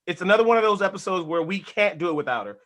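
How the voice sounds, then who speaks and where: A man hosting a casual sports podcast, hyped and energetic, swearing casually as he talks. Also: high-pitched, racing. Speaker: podcast host.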